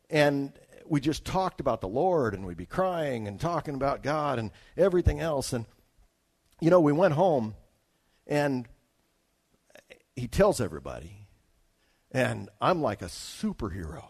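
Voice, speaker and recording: A man's voice: medium pitch, darkish tone. A man from Alaska, a traveling evangelist, telling a personal testimony story in a conversational way, with restarts and asides to his listeners. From Alaska, United States.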